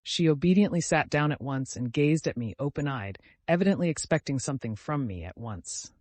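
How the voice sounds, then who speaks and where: A man narrating a classic story in steady, scripted audiobook reading. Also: fairly high pitch, a little fast, dry recording.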